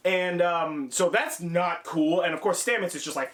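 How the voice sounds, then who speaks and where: A man's voice: high-pitched, normal speed, hardly any pauses, fairly bright tone. A man co-hosting a review show, recapping an episode in loose, profane casual chat and briefly mimicking characters. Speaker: podcast co-host.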